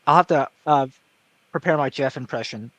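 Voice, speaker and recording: A man speaking in an articulate, measured way during a casual panel chat, with no regional accent. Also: medium pitch, a bit bright, no room sound. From American South. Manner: articulate, measured, with many fillers and restarts. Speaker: panel guest.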